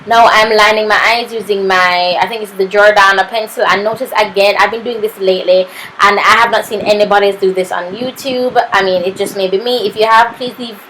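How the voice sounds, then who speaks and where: A woman's voice: mid-range voice, steady tone, a little fast, a bit bright, slight background noise, rough recording. A young woman with a Jamaican accent narrating a makeup tutorial, sassy and playful, tossing in "honey" and "papito" as she goes. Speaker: makeup artist.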